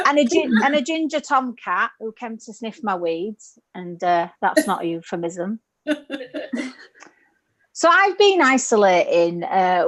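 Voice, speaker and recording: A woman's voice: mid-range voice, rough recording. A woman in her forties from the UK doing a stand-up set over a video call, chatty and self-mocking, laughing at her own jokes. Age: 40s. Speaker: stand-up comedian.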